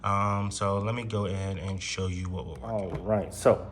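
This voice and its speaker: A man's voice: deep voice, steady tone, moderate pace, a little hiss or hum. A man chatting casually to camera in a home vlog, filmed in his kitchen, with many ums and restarts. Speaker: vlogger.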